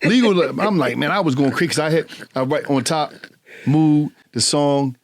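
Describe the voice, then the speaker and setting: A middle-aged man telling stories as a podcast guest, animated and profane, often laughing as he talks. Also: fairly high pitch, normal speed, dry recording, clean studio sound. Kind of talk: casual storytelling conversation.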